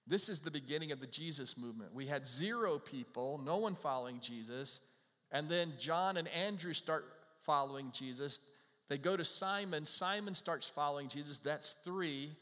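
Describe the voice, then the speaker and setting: A man delivers a sermon in a relaxed, conversational way, turning scripture into plain everyday talk. His voice sits a little high for a man, and the sound rings with the long reverb of a large hall. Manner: conversational preaching, paraphrasing scripture in everyday words. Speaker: pastor.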